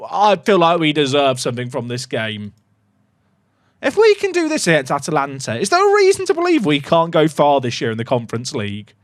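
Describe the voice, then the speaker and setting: A man commentating his own football management game, excitable and shrieking at big chances. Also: medium pitch, no room sound, clean studio sound. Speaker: gaming YouTuber.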